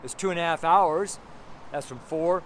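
A man delivers an emphatic street sermon outdoors, his voice sitting fairly high. He presses his points with loud, fervent bursts. Faint street noise from passing traffic hums behind him. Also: moderate pace. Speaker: street preacher.

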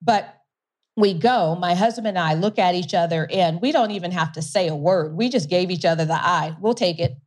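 With a fairly low, slightly mellow voice at a moderate pace, a middle-aged whiskey company founder and investor describes her journey in an interview. She's energetic, laughs often and frequently restarts her sentences.

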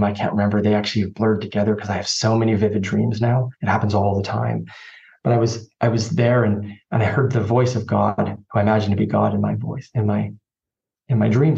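A man's voice: on the low side, gravelly, dark tone. A man as a podcast guest, telling a personal story in an earnest, reflective way with frequent restarts. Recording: slightly dull lo-fi audio.

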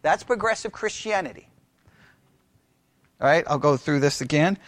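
A man's voice: a little high, lively intonation, moderate pace, no echo, clean studio sound. A man lecturing a Bible class in a conversational way, quizzing his listeners and repeating key phrases.

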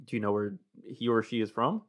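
A man's voice: on the low side, a little fast. Man, casual and rambling. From Romania. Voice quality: swears and laughs often while rambling. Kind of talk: casual chat.

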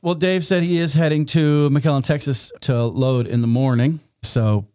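A man's voice: on the high side, steady tone, moderate pace, darkish tone, clear, resonant tone, no room sound, studio quality. A man co-hosting a casual podcast, easygoing, reading listener comments aloud and chiming in. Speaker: podcast co-host reading chat. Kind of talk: casual chat. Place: office studio.

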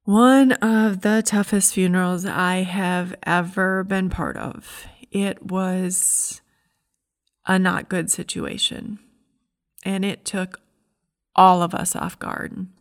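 Slow, earnest woman giving a devotional message. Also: on the low side, fairly even intonation. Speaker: Christian speaker and writer.

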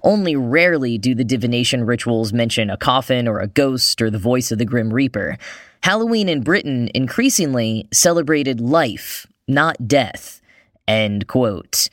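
A man's voice: mid-range voice, lively intonation, a bit bright, no echo. American man narrating in a dry voice. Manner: measured, reads quotes and verse aloud. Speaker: podcast host. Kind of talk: scripted narration.

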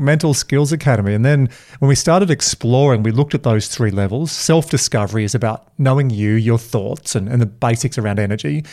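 A man hosting a podcast, talking in an energetic, emphatic way and telling animated stories. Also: mid-range voice, fairly quick. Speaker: podcast host. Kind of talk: casual podcast chat.

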